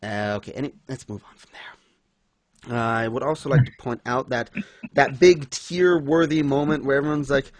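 A man's voice: mid-range voice, fairly even intonation, moderate pace, no echo. A young man in casual chat, ranting in exasperation about a comic and mocking scenes in put-on voices. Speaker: podcast co-host reviewing manga.

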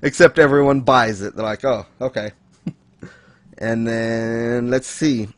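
A man co-hosting a casual chat, laughing often and acting out characters in high voices. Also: takes it slowly, dry recording. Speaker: podcast co-host discussing manga.

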